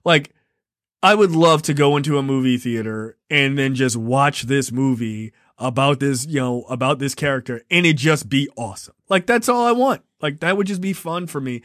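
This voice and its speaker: A podcast co-host with a mid-range, slightly bright voice chats casually at a moderate pace, rambling, emphatic and often laughing. The recording is clean studio sound with no room sound.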